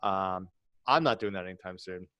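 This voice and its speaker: A man's voice: sits low, normal speed, bright, forceful tone, clean tone, no echo. A man co-hosting a casual podcast, rambling with fillers and restarts. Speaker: podcast co-host. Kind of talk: casual chat.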